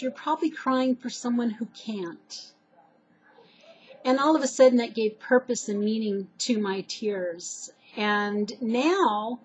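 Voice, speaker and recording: A woman's voice: on the high side, muffled recording, a little hiss or hum. A woman earnestly sharing personal life advice with her viewers, rambling a little with fillers and restarts. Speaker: vlogger giving advice. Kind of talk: heartfelt personal advice to camera.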